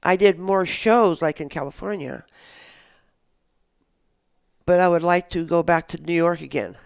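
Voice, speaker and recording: An older woman who organizes action sports shows is a guest in a casual podcast interview, telling stories in a rambling, enthusiastic way. Her voice is lowish and a little slow with vocal fry, and the recording is dry.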